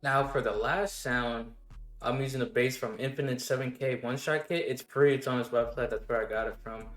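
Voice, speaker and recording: A man casually walking through his production steps one by one in a relaxed tutorial, with the odd filler word. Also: mid-range voice, moderate pace. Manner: relaxed step-by-step explaining with fillers. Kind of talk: casual screen-recorded tutorial. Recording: roomy echo. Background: faint music playing.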